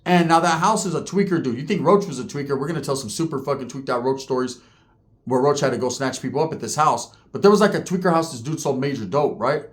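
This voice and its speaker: A man telling a story in a casual, profane way, full of slang and constant "right?" checks. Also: medium pitch. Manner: acts out other people's lines in quick voices. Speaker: podcast guest telling a story.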